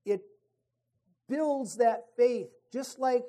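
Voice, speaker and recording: A man's voice: very high voice, very slow, dark tone. A man preaching a sermon in a conversational way, often restarting phrases and reading scripture aloud. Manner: conversational, with many restarts and asides.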